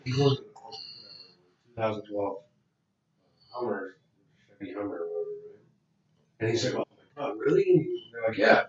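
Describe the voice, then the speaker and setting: A man's voice: fairly low pitch, normal speed, long pauses. A man co-hosting a casual podcast, telling prank-call stories, acting out the voices and swearing freely. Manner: animated storyteller, acts out prank calls, swears freely. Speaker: podcast co-host. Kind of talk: casual storytelling chat. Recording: roomy, distant, dull lo-fi sound.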